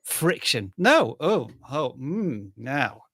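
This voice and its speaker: A man's voice: mid-range voice, big pitch swings, extremely slow, sharp tone, dry recording. Man, live stream co-host, playful, casual chat, dry sound. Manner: chatty, playful, thinks aloud. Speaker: livestream co-host.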